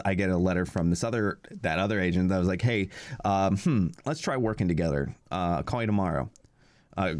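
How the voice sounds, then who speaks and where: A man's voice: low-pitched, a little mellow, no echo. A young man co-hosting a podcast, telling a long story in a casual, rambling way, full of fillers and acted-out quotes. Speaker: podcast co-host.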